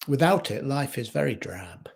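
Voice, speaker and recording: A man speaking as a life coach in a slow, measured reflective talk, recorded in his home kitchen. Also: medium pitch, expressive, gravelly, husky.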